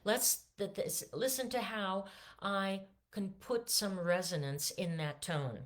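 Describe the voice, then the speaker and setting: Chatty woman voice teacher, not warmed up. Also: mid-range voice, slow pace. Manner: relaxed, chatty, many fillers and restarts. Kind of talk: casual vocal lesson with sung demonstrations.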